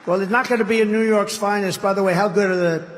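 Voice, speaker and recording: A man's voice: high-pitched, fairly even intonation, fast, big-room sound, noisy background. Man giving a rambling rally speech. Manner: rambling, repetitive, boastful asides. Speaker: political candidate addressing a rally.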